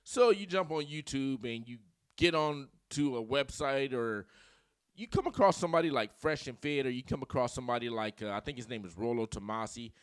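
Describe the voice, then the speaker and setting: A man hosting his channel with comedic commentary who is animated and keeps rambling into tangents. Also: medium pitch, brisk, clear, resonant tone, no room sound, studio quality. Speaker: channel host.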